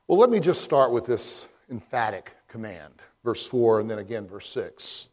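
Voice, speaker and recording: A man preaching a sermon as pastor, posing emphatic rhetorical questions with frequent pauses. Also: on the low side, very animated. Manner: slow, deliberate delivery with frequent pauses.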